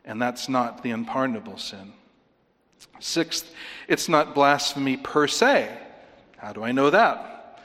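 A man's voice: medium pitch, very animated, a little slow, pauses often, pushed and bright, big-room sound. A man preaching a sermon, counting off his points one by one and pressing them home with rhetorical questions. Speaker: pastor.

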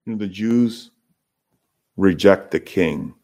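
Pastor guy giving a sermon, low voice, takes his time, earnest and emphatic. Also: slow pace, gravelly, darkish tone. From Canada. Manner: earnest preaching, voices quoted crowds with rising pitch.

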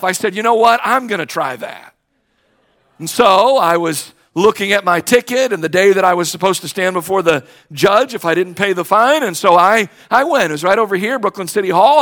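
Man, pastor, sermon, conversational storytelling, high pitch. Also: a bit bright. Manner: conversational storytelling, acts out quoted exchanges.

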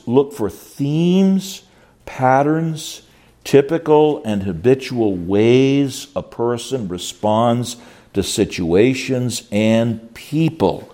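Male pastor-teacher, mid-pitched, very expressive lecturer who stumbles and repeats words as he talks. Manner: animated, repeats words while searching for phrasing; reads scripture aloud slowly. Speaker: pastor teaching a counseling class. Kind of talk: classroom lecture.

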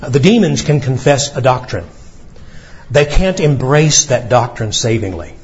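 A man preaching a sermon as pastor, reading scripture with emphatic pauses and a lively delivery. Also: medium pitch, dull audio.

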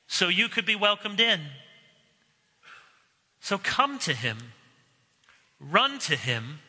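A man preaching a sermon as a pastor, earnest and emphatic, with slow dramatic pauses. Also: sits high, pushed and bright. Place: church sanctuary. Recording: long reverb of a large hall.

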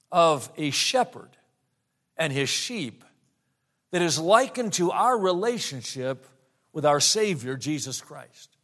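A middle-aged man delivers a sermon in a high, light voice. He tells a homey story with easy asides, then slows right down when he quotes scripture. His manner is warm, plain pulpit storytelling. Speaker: pastor.

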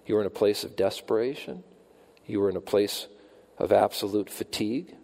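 A man preaching a sermon with a mellow, relaxed tone. His voice climbs and slows for emphasis when he voices the psalmist's pleas. A long reverb trails every phrase, as in a large hall. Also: vocal fry. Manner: rises in pitch and volume when quoting the psalmist's cries, slows for emphasis. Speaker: pastor.

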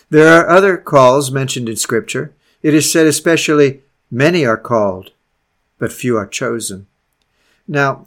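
Male preacher at mid pitch, emphatic sermon delivery, soft phrase endings.

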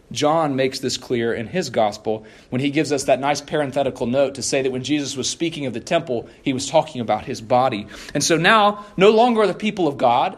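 A pastor delivering a sermon in an earnest, measured way, repeating key phrases for emphasis and sometimes stumbling over a restart. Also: male voice, medium pitch.

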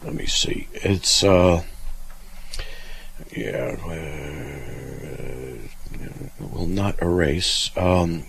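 Deep-voiced man explaining scripture. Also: very slow, gravelly, long pauses, fairly bright tone, a little hiss or hum, poor audio. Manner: explains scripture step by step, reads verses aloud, dry humor. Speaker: radio Bible Q&A host. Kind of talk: call-in radio answering a caller.

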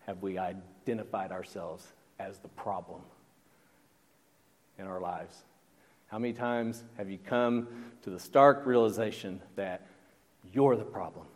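A man's voice: lowish voice, big-room sound. A man preaching a sermon as pastor, in a conversational way that keeps asking the congregation questions. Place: church.

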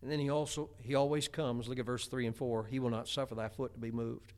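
A man's voice: mid-range voice, little pitch movement, fast talker, darkish tone. A middle-aged man preaching a homespun sermon, chatty, with many stammered restarts. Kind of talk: folksy sermon.

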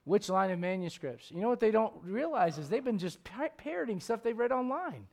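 A man preaching a sermon as pastor, swinging between loud emphatic questions and low, quiet asides. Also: lively intonation, fairly quick, vocal fry, hardly any pauses.

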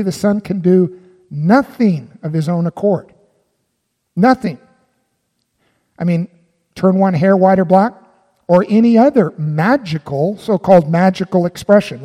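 A man's voice: sits high, mellow, in a large hall. A man preaching a sermon as pastor, emphatic and often putting questions to his listeners.

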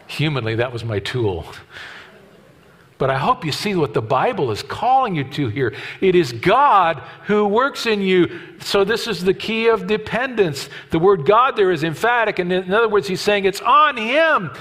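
A man in his fifties preaching a sermon, emphatic and repetitive, swinging from loud declarations to hushed asides. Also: high-pitched, very animated, moderate pace. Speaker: pastor.

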